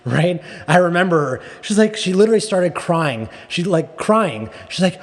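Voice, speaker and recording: Rambling man with a slightly high voice. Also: expressive, normal speed. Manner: rambling with many restarts and tag questions. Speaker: guest, car enthusiast. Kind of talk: casual interview chat. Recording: long reverberant echo.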